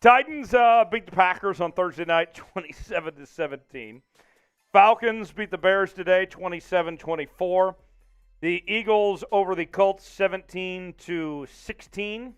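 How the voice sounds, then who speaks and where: A man with a high, smooth voice hosts a casual sports livestream at an easy, drawn-out pace. He reads out viewer donations, gets excitable and laughs often. Faint music plays behind him. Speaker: livestream host.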